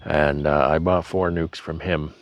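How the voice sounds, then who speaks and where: Earnest beekeeping man, deep voice, chatty vlog delivery. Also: little pitch movement, a little slow, dry recording. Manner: rambling, earnest, frequent fillers and restarts. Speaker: beekeeper vlogger. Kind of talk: casual talk to camera. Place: honey house.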